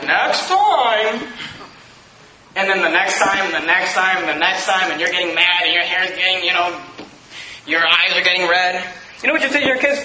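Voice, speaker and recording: A pastor preaching in a high, strained voice, swinging from shouted exhortation to quick conversational asides. The sound bounces around a roomy sanctuary, with steady noise in the background. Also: male voice. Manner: fiery preaching, shouting at peaks then dropping to asides. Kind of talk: sermon. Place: church sanctuary. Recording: echoey hall, noisy.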